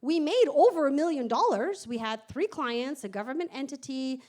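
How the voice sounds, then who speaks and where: Woman, high voice, candid startup founder doing an animated, swear-laden live storytelling talk. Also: normal speed. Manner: animated, candid, swears and laughs while telling. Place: event stage before an audience.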